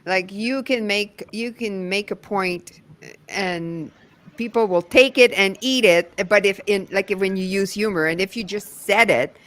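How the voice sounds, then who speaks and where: A woman's voice: medium pitch, measured pace, a bit bright. A woman on a webinar panel speaking enthusiastically and casually, often saying "like". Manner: enthusiastic, uses "like" a lot.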